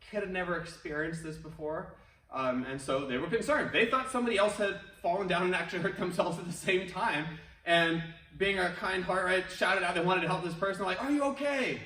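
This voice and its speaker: Male martial arts instructor, high voice, upbeat and encouraging, echoey room and set back from the mic. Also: brisk, pushed and bright. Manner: upbeat, encouraging, chatty with asides. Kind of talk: online workout class instruction. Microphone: wears a face mask while talking. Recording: roomy echo, distant from mic.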